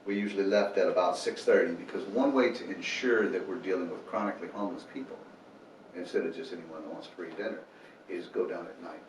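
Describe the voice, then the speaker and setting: Fast and low-voiced, the homeless ministry founder pours out earnest faith stories as an interview guest, acting out what people told him with animation. A distant mic in a roomy room picks him up along with faint noise.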